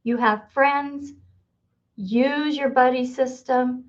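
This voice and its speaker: An older woman hosts a casual interview chat in a higher-pitched voice, talking slowly and with earnest feeling. The recording sounds dull and lo-fi. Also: fairly even intonation. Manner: earnest, heartfelt. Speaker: host.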